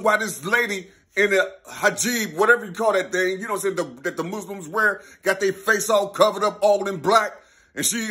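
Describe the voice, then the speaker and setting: A man talking in a rambling, casual monologue, full of street slang and constant "you see?" checks, now and then laughing or bursting out loud. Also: sits high. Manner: street slang, repeats "you see?" and "you know what I'm saying?"; excitable, mixes laughs and sudden loud bursts.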